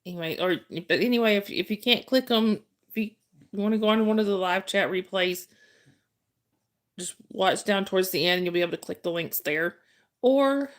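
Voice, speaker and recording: A woman hosting a casual livestream, telling a story and chatting with viewers, laughing often and restarting sentences. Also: on the low side. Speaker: livestream host. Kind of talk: casual live chat storytelling.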